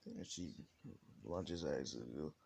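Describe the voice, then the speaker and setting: A man's voice: rumbling low, unhurried, gravelly, darkish tone, slightly rough. A man telling an improvised fan story in a rambling way, full of restarts and "like". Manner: rambling, many restarts and fillers like "like". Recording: faint background hiss.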